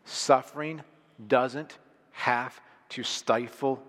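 A man's voice: medium pitch, animated, moderate pace, fairly bright tone, big-room sound. A middle-aged male pastor preaching a sermon in an earnest, emphatic way, leaning hard on single words. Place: large church hall.

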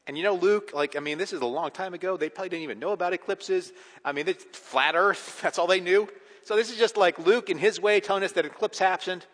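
A male pastor preaching a sermon, swinging from hushed reflection to emphatic, rising delivery. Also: sits high, quick pace. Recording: long hall reverb.

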